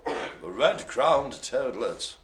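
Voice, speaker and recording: This bingo host talks very slowly, his medium-pitched voice swinging widely in pitch. He runs a live, pun-filled game in a care home activity room, laughing frequently as he calls.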